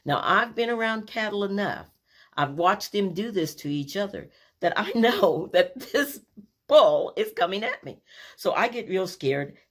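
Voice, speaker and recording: Woman storyteller, lower voice with a lot of swing, animated and acting out the scenes. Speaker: family storyteller. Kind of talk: personal storytelling.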